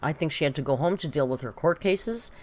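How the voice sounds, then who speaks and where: A woman's voice: low voice, expressive, brisk. A woman with a British accent, chatting casually and gossiping as she reacts to video clips and reads viewer comments. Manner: chatty and gossipy, laughs often, muses aloud. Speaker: reaction streamer.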